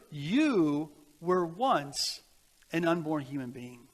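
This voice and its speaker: A man's voice: a little high, big-room sound. A man delivering an earnest, exhorting sermon as a guest speaker in a church, telling stories and ending in prayer.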